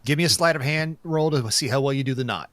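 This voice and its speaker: A man's voice: mid-range voice, fast talker, a bit bright, no echo. A man running a comedy tabletop game as game master, joking, swearing and laughing as he narrates. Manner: laughing, crude banter.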